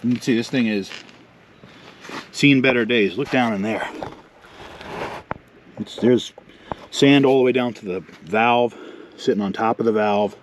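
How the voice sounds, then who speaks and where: A man's voice: mid-range voice, a little slow, pauses often, a little hiss or hum. Joking man rambling in his garage. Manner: joking, self-mocking, rambling. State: out of breath. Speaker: channel host. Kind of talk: casual garage vlog. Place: home garage and shed.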